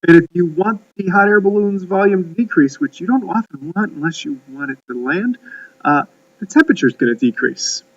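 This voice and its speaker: A middle-aged man teaches chemistry in a folksy, rambling way, with plenty of "uh"s and restarted words. His voice sits fairly high for a man. It comes through a dull, lo-fi recording from a mic placed some distance away. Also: lively intonation, brisk. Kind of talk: recorded classroom lecture.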